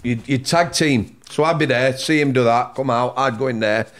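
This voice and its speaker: Ex-prison officer, man, insistent, mid-pitched. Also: moderate pace. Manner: insistent, repeats words to take the floor. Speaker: guest, former prison officer. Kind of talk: podcast conversation.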